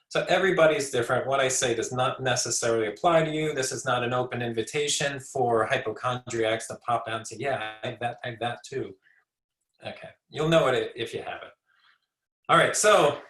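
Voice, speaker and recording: An American speech pathologist in his forties gives an informal educational talk, conversational in style, often repeating and restarting words and acting out short examples. His voice is mid-range and a bit bright. The recording is rough, in an echoey room.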